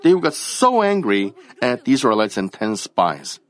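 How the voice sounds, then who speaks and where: A man preaching a sermon in an emphatic, animated way, with halting phrasing and restarts. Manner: emphatic, animated preaching with sudden rises in pitch.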